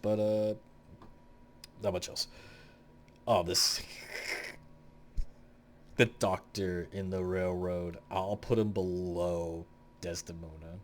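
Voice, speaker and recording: A man's voice: low voice, slight background noise. A young man hosting a casual tier-list video, rambling through blunt opinions with plenty of swearing. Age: young adult. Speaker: gaming video host.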